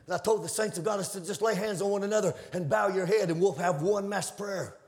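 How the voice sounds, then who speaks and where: A man preaching with real fervor, his voice pitched high with a gravelly edge. He tells his stories in a folksy, conversational way, then builds to shouted peaks. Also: quick pace. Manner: fervent, rising to shouted climaxes. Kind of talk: sermon.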